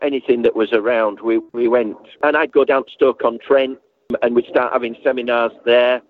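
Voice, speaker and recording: Over a dry, tinny phone line, a man with a medium-pitched voice speaks at a moderate pace. He's a guest in an interview recalling a late friend, rambling through his reminiscence, frequently restarting sentences and animatedly doing the voices of others.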